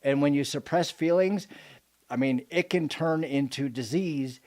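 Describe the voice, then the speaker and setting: A man quoting an earnest female life coach, who gives calm, explanatory advice in his own voice. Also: a little high, unhurried, lightly acted. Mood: advising.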